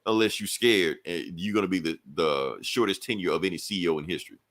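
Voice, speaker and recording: A man's voice: low voice, fast talker, a bit bright. A man doing a tough-talking armored hero. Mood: defiant.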